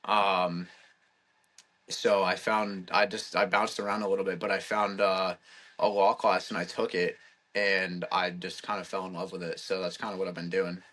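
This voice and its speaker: A man's voice: deep voice, level tone, moderate pace, pushed and bright. A young man in his twenties, a podcast guest, chatting casually and rambling with lots of filler words. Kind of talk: casual chat.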